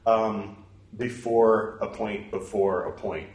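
A man's voice: mid-range voice, animated, slow pace. A man reading a religious text aloud, speaking punctuation marks and stopping for casual musing asides. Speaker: scripture reader. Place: room at home. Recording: echoey room, mic far off.

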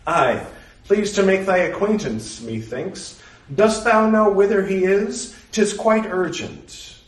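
A woman's voice: mid-range voice, expressive, slow, voice pushed up. A man reading a story voices a blunt young woman who speaks in old-fashioned thee-and-thou English. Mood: curt, urgent. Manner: archaic thee-and-thou speech, curt. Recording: roomy, distant mic.

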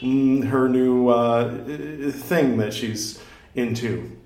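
A man's voice: medium pitch, steady tone, extremely slow, darkish tone, roomy sound. A man hosting a podcast in a casual, digressive way, full of fillers, restarts and self-deprecating asides. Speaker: podcast host. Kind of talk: casual rambling podcast talk.

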